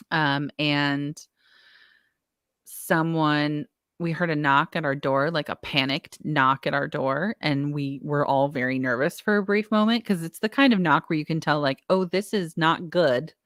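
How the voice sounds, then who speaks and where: A young adult woman co-hosting a casual podcast, telling a story with lively acted-out quotes. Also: sits low, clean tone, no echo, clean studio sound. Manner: animated storyteller, acts out quotes. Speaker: podcast co-host. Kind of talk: casual chat.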